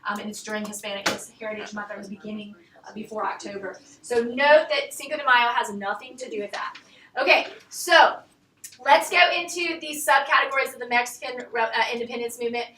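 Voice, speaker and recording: A woman's voice: on the high side, a little fast, sharp tone. A woman teacher giving a history lecture in a classroom, chatty and joking with her students as she asks them questions. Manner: chatty, jokes and laughs with students. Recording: echoey classroom from far off.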